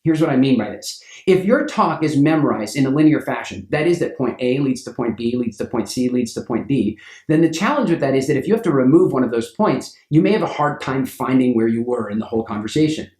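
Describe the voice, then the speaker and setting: A man's voice: animated, fairly quick, a little mellow, roomy sound. A man coaching people on public speaking, telling stories and acting out the voices of the people in them. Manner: acts out quoted voices with big pitch jumps. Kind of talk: animated storytelling lesson.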